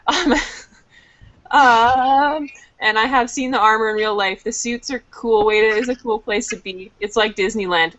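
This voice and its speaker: A woman's voice: a little high, fairly even intonation, a little slow, a bit bright. A woman with a Canadian accent hosting a casual video call, giggly as she reads viewer questions aloud. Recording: muffled video-call audio.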